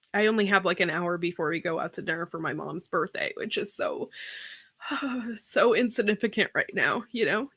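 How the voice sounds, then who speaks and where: A tearful woman hosts a casual live stream, her voice at an ordinary middle pitch. She rambles and sighs, restarting her sentences often. The sound is dry and close, with no room echo. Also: fairly bright tone, breathy edge. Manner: rambling, sighing, with many restarts. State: tearful after crying. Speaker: host of a farm channel live stream.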